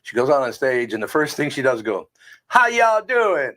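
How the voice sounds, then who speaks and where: A man's voice: mid-range voice, quick pace. Rambling man chatting on a talk show. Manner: rambling, animated storyteller. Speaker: radio show host. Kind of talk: casual chat.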